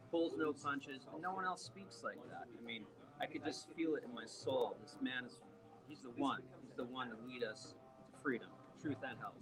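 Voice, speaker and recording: A man's voice: medium pitch, low-quality recording. A man speaking fervently and admiringly as a volunteer at a birthday party. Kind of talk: casual chat. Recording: crowded party noise.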